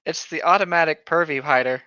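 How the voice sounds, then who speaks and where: A young man with a bright, fairly high voice, trading sarcastic, profane jokes as a podcast co-host. His dull, lo-fi mic takes the top off the sound. The room sounds dry and close. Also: no echo. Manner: sarcastic, quick swearing jokes. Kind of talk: casual chat.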